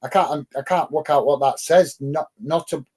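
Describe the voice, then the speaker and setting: A middle-aged Englishman with a fairly high voice hosts a live football watch-along show. He chats casually with his viewers, gets worked up and emphatic about rival fans, and fills his talk with ums and uhs. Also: moderate pace, a little mellow. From England. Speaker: football channel host.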